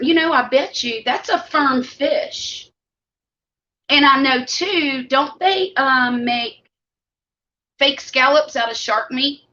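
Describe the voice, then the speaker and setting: A middle-aged Southern woman talks in a bright, slightly high voice, chatty and homey, and she eats as she speaks. The live stream audio is dull and lo-fi. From Mississippi Gulf Coast. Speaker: vlog host. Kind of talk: casual live-stream chat with viewers.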